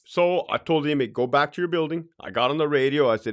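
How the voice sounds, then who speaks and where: A man's voice: on the high side, quick pace, hardly any pauses. A middle-aged man, a former prison officer talking in a blunt, profane way on his podcast and acting out quotes. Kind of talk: casual podcast talk.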